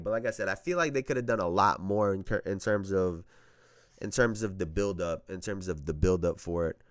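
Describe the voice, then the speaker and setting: A man's voice: lowish voice, lively intonation, a little fast, no room sound, clean studio sound. A man hosting a casual basketball talk show, talking in a slangy, conversational way and often repeating phrases. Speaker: podcast host.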